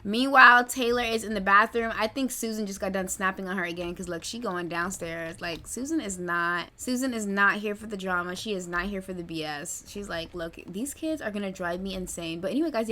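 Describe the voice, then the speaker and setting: A woman's voice: mid-range voice, brisk, hardly any pauses, sharp tone, a little hiss or hum. A woman hosting a life-sim let's play, narrating the family drama in a chatty, gossipy way. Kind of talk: casual gameplay commentary.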